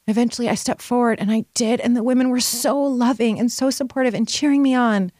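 A woman in her forties, a retreat leader and women's coach, telling personal stories in an animated way, with big leaps in pitch. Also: fairly quick, no room sound, clean studio sound. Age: 40s. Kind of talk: personal storytelling monologue.

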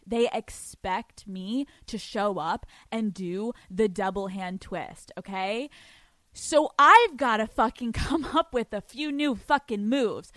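A woman's voice: medium pitch, animated, no room sound. Brash, profane young woman podcast host. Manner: brash, profane and rapid, with frequent laughs. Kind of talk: solo podcast rant and sex-advice talk.

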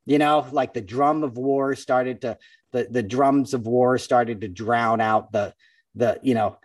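A male comedian, appearing as a guest, tells a story in casual conversation, animatedly acting out other people's voices. His mid-range voice moves at a measured pace. He's distant from the podcast microphone, with no room sound.

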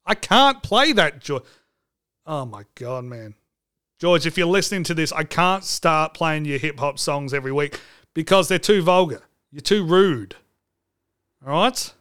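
A man's voice: fairly high pitch, unhurried, a bit bright, clear, resonant tone. A man hosting a comedic podcast, joking and swearing for laughs. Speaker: podcast host.

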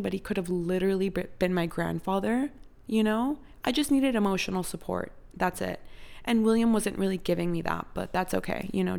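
Young woman vlogger with vocal fry, chatty and theatrical, casual storytime. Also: mid-range voice, darkish tone. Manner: chatty and dramatic, heavy use of "like".

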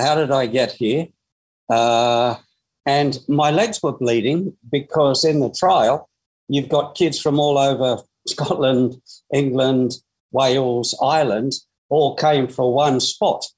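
A man's voice: medium pitch, husky, poor audio. Older Australian man telling a story. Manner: lively storyteller with frequent restarts and fillers. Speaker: guest, former footballer. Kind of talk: storytelling interview.

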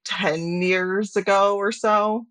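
A woman's voice: mid-range voice, fairly even intonation, takes it slowly, fairly bright tone. A woman calling in to a chat show, recounting a workplace story plainly. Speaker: caller. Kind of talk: casual phone-in chat.

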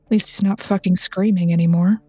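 A woman's voice: on the low side, steady tone, a little fast, dark tone, breathy edge, dry recording, soft background music. A woman voicing a weary, sardonic nurse who talks bluntly and swears. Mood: exasperated.

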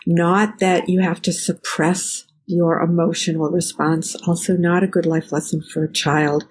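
A woman's voice: lowish voice, little pitch movement, unhurried, slight background noise, poor audio. A woman guest, a researcher, answering interview questions in a thoughtful, explanatory way with examples.

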